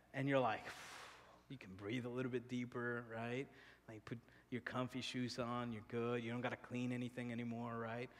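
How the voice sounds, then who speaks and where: A man preaching as pastor from a church stage, mixing scripture with casual, animated stories and frequent laughter. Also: medium pitch, big-room sound. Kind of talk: sermon with personal storytelling.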